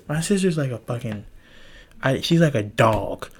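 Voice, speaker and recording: A young man talking alone on his podcast with a lively voice that swings up and down. He rambles and swears and mocks himself. His voice is a little husky. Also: mid-range voice, moderate pace. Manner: crude, animated, rambling and self-deprecating. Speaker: podcast host. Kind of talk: solo podcast rant. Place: home with a loud family nearby.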